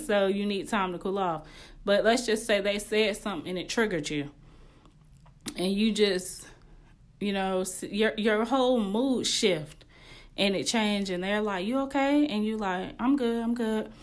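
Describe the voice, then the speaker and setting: A woman's voice: mid-range voice, a little slow. A young woman hosting a podcast, giving casual relationship advice in a candid, slangy way and laughing often. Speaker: podcast host.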